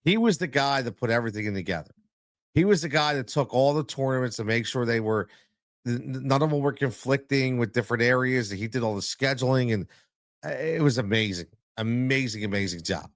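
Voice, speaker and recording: A blunt man hosts his own podcast, hammering each point home and saying it twice. He speaks at an ordinary middle pitch, close to the mic in a dry, dead room with no echo. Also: brisk. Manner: emphatic, repeats points for stress; blunt, plain-spoken. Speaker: podcast host and youth coach. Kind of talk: solo podcast commentary.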